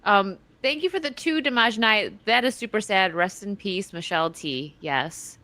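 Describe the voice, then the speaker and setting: A woman's voice: medium pitch, lively intonation, moderate pace, pushed and bright. A woman hosting a casual livestream chat, reading out viewer donations and chatting with guests in a giggly way. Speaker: livestream host.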